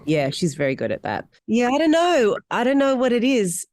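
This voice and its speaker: A middle-aged Australian woman, an actor, telling stories in an interview with animated, candid delivery. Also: moderate pace, no echo, clean studio sound. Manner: animated, candid storytelling with wide pitch swings. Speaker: actor guest. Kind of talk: interview conversation.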